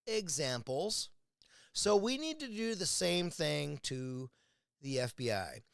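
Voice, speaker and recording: Sitting indoors with a beer, this American vlogger delivers an angry political rant full of constant profanity. His voice is a little high, gravelly, a bit bright and smooth, with a slow, sing-song delivery, captured in clean, dry studio sound.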